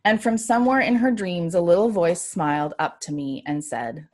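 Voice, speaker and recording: A woman reading a story aloud in a measured storytelling manner. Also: lowish voice, darkish tone.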